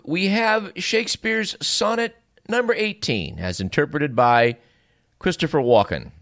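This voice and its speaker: A man's voice: fairly high pitch, animated, measured pace, vocal fry, fairly bright tone. A man hosting a radio show, reading scripted narration in a dry, wry and formal way.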